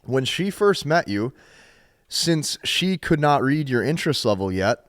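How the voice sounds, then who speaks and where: A man's voice: medium pitch, very animated, measured pace. A man giving dating advice straight to camera, emphatic and repetitive, often checking in with "okay?". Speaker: dating coach. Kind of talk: direct-to-camera advice talk.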